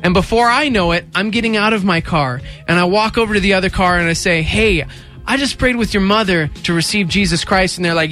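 Bright, high-voiced young man telling a story. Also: faint music behind. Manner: animated, acts out voices in quotes, quick bursts. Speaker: radio station host. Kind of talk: casual storytelling chat.

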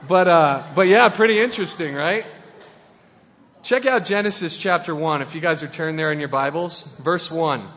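A high-pitched man preaches in a casual, playful way, circling back and restarting his sentences as he talks. His voice carries a long reverb from a hall, and the recording sounds dull and lo-fi. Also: normal speed, a bit bright. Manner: playful and conversational, with many restarts. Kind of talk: casual sermon.

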